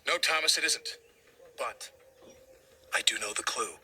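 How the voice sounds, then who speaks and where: A man's voice: medium pitch, a little slow, pitched below the performer's own voice, natural voice. A man voicing a weary, exasperated tiny magical conductor. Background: music.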